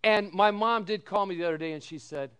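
A middle-aged man giving a sermon as pastor, telling folksy stories with animated quoted voices and asking the congregation "amen?". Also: high-pitched, brisk, smooth.

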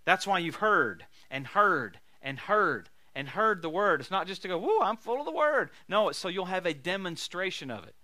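With hardly any pauses and a moderate pace, a man delivers a sermon of healing testimonies, laughing and erupting into loud emphatic bursts. His voice is high, bright and forceful, captured close with no room sound.

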